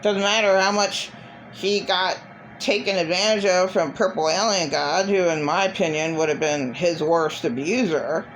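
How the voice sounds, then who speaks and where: A woman's voice: fairly low pitch, fairly even intonation, moderate pace, slight background noise, low-quality recording. A middle-aged woman vlogging in a blunt, profane, repetitive rant. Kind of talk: casual monologue.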